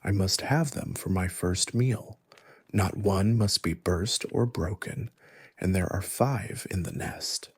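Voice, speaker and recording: A man voicing a demanding giant who sets hard tasks, speaking slowly and softly in old-fashioned words, in soft ASMR storytelling. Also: low-pitched, husky, no echo, exaggerated voice. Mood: stern. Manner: slow, hushed, formal old-fashioned speech. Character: demanding male giant, gruff taskmaster.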